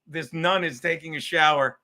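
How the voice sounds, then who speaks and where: High, bright-voiced man telling a story. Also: normal speed. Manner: animated, profane, acts out quotes. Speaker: podcast host. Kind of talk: storytelling comedy chat.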